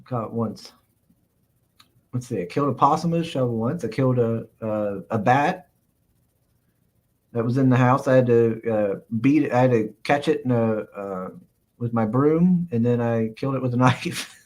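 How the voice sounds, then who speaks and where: At medium pitch and ordinary speed, this man's darkish voice carries a laid-back live stream. Reading messages from chat, he rambles in response, chuckling often and filling gaps with "uh, let's see."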